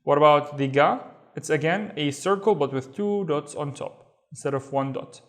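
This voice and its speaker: A man's voice: a little high, normal speed, a bit bright. A man teaching reading, patiently sounding out and repeating each syllable. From Saudi Arabia. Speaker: Arabic teacher. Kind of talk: step-by-step reading lesson.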